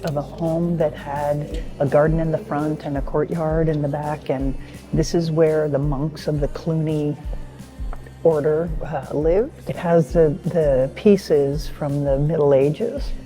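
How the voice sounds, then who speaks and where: A woman's voice: deep voice, fairly even intonation, a little slow, mellow, soft background music. A woman vlogging on a trip, casually narrating sights, prices and opening hours like a tour guide. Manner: chatty, informative tour guiding. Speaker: travel vlogger. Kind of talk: casual travel vlog narration.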